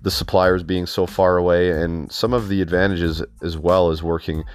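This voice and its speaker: In his home basement studio, a Canadian podcast host runs a casual interview for a trade show. His voice is low and flat at a normal speed, with no room sound, and his chatty, rambling style has him restarting sentences often.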